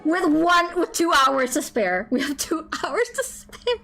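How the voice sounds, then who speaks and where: A woman live-streaming a game, chatting casually, with loud swearing outbursts and quiet muttered sums. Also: high-pitched, measured pace, creaky, soft background music. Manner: excitable, loud outbursts and swearing, then muttering math to herself.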